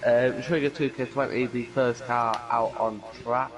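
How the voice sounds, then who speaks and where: A man's voice: medium pitch, steady tone, unhurried, rough recording. A man with a Yorkshire accent co-commentating a sim race with laughing, teasing banter. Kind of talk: casual sim racing commentary.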